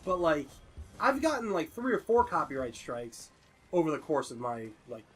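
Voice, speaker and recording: Brief: higher-voiced male let's-player, lively pitch, swears freely. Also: moderate pace, breathy edge. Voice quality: expressive, profane. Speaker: let's play host. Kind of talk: casual gaming chat.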